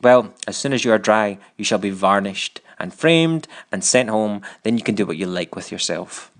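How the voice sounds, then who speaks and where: A man reading an audiobook voices a hospitable painter who speaks in a friendly, gently teasing way. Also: lowish voice, expressive, moderate pace. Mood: genial.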